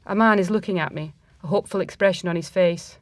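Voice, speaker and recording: A woman reads a first-person story aloud, reflective and measured. Her voice is fairly low, and the recording is close and dry with no room sound at all.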